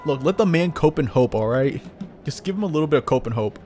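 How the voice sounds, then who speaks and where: A man doing casual gameplay commentary as a streamer, reacting excitably and laughing often. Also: fairly high pitch, moderate pace, long pauses, soft background music.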